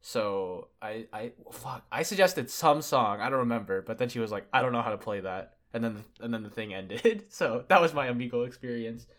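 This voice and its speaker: A young man co-hosting a casual podcast, halting and trailing off, with many "um"s and "uh"s. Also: mid-range voice, expressive, a bit bright. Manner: hesitant, trailing off, laughing easily. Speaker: podcast co-host.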